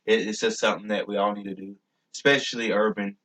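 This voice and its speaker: A man's voice: lowish voice, flat delivery, quick pace, a bit bright. A young man talking casually in a rambling vlog, stumbling and restarting often with many fillers. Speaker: YouTuber.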